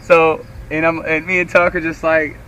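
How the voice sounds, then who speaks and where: A man's voice: a little high, normal speed, a loud crowd. Rambling Kentucky man telling a story. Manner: rambling, animated, profane, quotes others in raised voice. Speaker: show co-host. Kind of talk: casual storytelling chat. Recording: distant mic with faint street and traffic noise.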